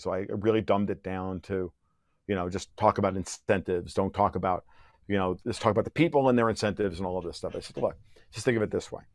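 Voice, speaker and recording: A man's voice: deep voice, dry recording, studio quality. A man who is a podcast guest, talking in a heated conversational rant. He is profane and sarcastic, and he often restarts his sentences.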